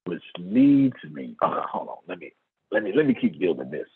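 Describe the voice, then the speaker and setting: A man speaking to an audience, telling a story in a lively way, calling on listeners by name and acting out what people said. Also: low voice, normal speed, slightly rough. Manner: lively, calls on listeners by name, acts out quoted lines. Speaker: motivational speaker. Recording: tinny phone-like sound.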